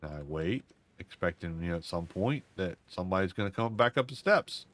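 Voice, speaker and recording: A man's voice: low-pitched, expressive, normal speed, a bit bright. An older man, rambling folksy storytelling while he plays a game at home. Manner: rambling, repeats himself, folksy. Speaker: gaming channel host. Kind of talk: casual storytelling over gameplay.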